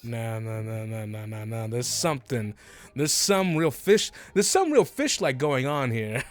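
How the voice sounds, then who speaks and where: A man's voice: mid-range voice, lively intonation, a little slow, dry recording, pitched below the performer's own voice, natural voice. A man voicing a suspicious man who mutters dismissively that something is fishy.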